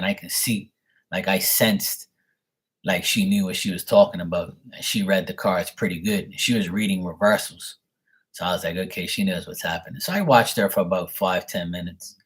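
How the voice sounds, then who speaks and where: Husky lowish-voiced guy, blunt and sweary, from bermuda, rants about scammers. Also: steady tone, moderate pace. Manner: profane, blunt and mocking, acts out voices. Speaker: tarot reader. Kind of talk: casual ranting monologue.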